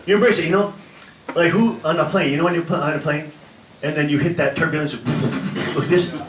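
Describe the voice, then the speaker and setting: A man preaching a sermon, animated and laughing often as he acts out little scenes for the congregation. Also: on the high side, brisk, echoey room, recorded from a distance, crowd noise, poor audio. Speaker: pastor. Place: church hall with an audience.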